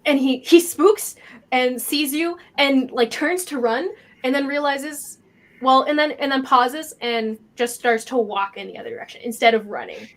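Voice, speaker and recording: Higher-voiced woman running a tabletop game. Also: normal speed. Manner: descriptive, with many fillers. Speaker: game master.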